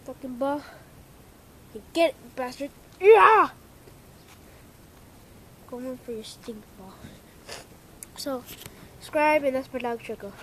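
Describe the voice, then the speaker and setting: With long pauses and an unhurried pace, a young woman speaks in a high-pitched voice over slight background noise. The vlogger is making a casual home video, talking to the camera while shouting and cursing at her dog, playfully exasperated.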